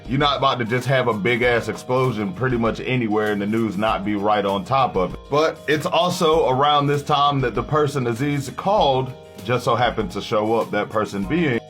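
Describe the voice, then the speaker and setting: A man's voice: medium pitch, moderate pace, a bit bright, soft background music. Casual, slangy man recapping a story. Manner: slangy, joking, conversational. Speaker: comic recap narrator.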